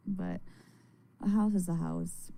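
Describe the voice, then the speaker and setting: Tired, gravelly-voiced woman chatting slowly. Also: fairly low pitch, steady tone, warm tone. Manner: rambling, chatty, frank. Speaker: livestreamer. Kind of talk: casual livestream chat.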